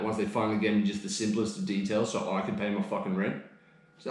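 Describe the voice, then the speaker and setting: A man's voice: fairly low pitch, fairly even intonation, quick pace. Swearing Australian man in an echoey room. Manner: heated, profane, ranting. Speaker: podcast co-host. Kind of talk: casual podcast chat.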